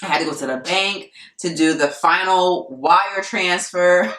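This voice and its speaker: A young adult woman telling a story to camera in a casual vlog, animated and laughing often as she acts out what people said. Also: on the low side, measured pace. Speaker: vlogger. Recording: echoey room, mic at a distance.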